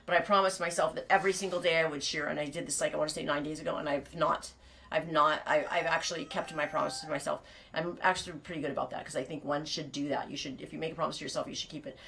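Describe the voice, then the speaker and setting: A woman's voice: deep voice, fairly even intonation, fast talker, gravelly, a bit bright, a little hiss or hum. A middle-aged woman, a sheep farmer, chatting in a rambling, digressive way on a live stream, laughing often and restarting her sentences. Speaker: sheep farmer and knitting vlogger.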